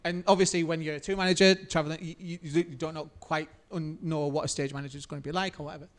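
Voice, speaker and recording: A man's voice: fairly high pitch, steady tone, quick pace. A man hosting a live podcast, telling rambling anecdotes. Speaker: podcast host. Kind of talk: casual live podcast chat.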